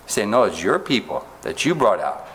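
A man preaching a sermon, reading scripture aloud slowly and stopping often to ask his listeners rhetorical questions. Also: fairly low pitch, sing-song, a bit bright, slight background noise. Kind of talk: sermon, Bible teaching.

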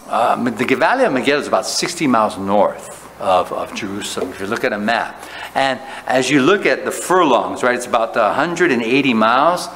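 A man's voice: mid-range voice, fairly bright tone. A man preaching a sermon as a pastor, teaching in a conversational way and often checking in with "right?". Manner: conversational preaching, frequent "right?" tag questions. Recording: long hall reverb, faint room noise.

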